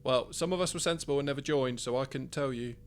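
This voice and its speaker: A man's voice: medium pitch, fast, voice pushed up, lightly acted. A man voicing a seasoned team leader with a faded Welsh accent and a dry, commanding manner.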